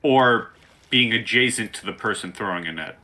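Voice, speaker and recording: A man running a tabletop game as game master, calmly explaining the setup step by step. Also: lowish voice, normal speed.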